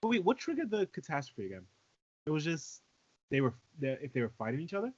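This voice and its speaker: A man's voice: a little high, big pitch swings, quick pace. Guy on a podcast, teasing and swearing casually, muffled lo-fi sound. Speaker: podcast co-host. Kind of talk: casual chat.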